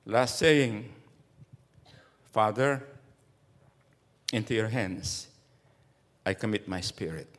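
A man's voice: lowish voice, slow, long pauses, fairly bright tone. A man in his seventies preaching a sermon to his congregation, emphatic and full of rhetorical questions. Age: 70s. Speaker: pastor.

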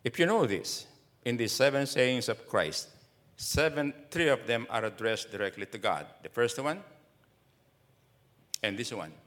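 A man's voice: mid-range voice, animated, a little slow, pauses often, a bit bright. A man in his seventies preaching a sermon to his congregation, emphatic and full of rhetorical questions. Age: 70s. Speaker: pastor.

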